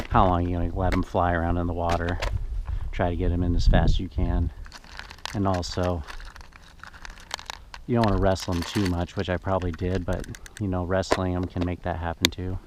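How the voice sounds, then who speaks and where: A man's voice: low voice, fairly even intonation, moderate pace, pauses often, noisy background. A man narrating his fishing trip to camera from a boat outdoors, chatty and emotional as he talks to his viewers. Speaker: fishing vlogger.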